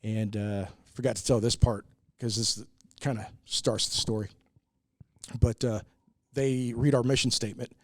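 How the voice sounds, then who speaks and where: At a moderate pace and steady medium pitch, a middle-aged American man who owns a brewery tells stories during a casual podcast interview. His delivery is earnest and heavy with "uh"s, and he acts out the people he quotes. The sound is dry and studio quality.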